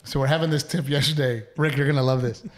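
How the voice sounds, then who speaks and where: A man, co-hosting a casual podcast with his wife and telling animated stories, acting out quotes and swearing freely. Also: mid-range voice, fast talker. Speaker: podcast co-host.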